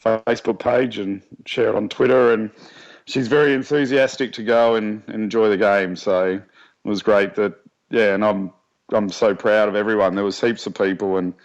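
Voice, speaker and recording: A man's voice: fairly low pitch, steady tone, moderate pace. An Australian man co-hosting a sports podcast, with an easygoing, jokey way of talking. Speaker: podcast co-host. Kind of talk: casual sports chat. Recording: dull lo-fi recording.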